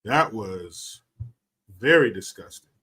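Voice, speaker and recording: A man's voice: lowish voice, expressive, slow pace, sharp tone, husky. A man hosting a livestream and commenting in a mocking, profane, casual way. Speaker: livestream host.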